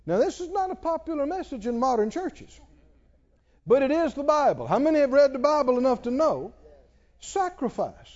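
A middle-aged male pastor preaching a sermon, emphatic and rising to loud exclamations. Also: extremely high pitch, very animated, moderate pace, dull audio.

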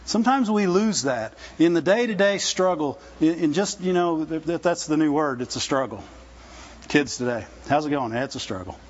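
A man preaching in a loose, chatty way, with a high, light voice. He keeps checking in with his listeners through quick rhetorical questions. The sound is a little dull and lo-fi. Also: animated, a little hiss or hum. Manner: conversational, folksy, with laughs and rhetorical questions. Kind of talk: sermon. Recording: dull lo-fi recording.

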